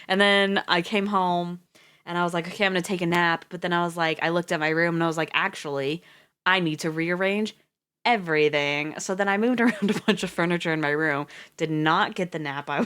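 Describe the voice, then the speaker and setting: A woman's voice: on the low side, fairly even intonation, a little fast, a bit bright, smooth. A woman streamer chatting casually on a reading livestream, rambling and chatty, laughing often and swearing freely.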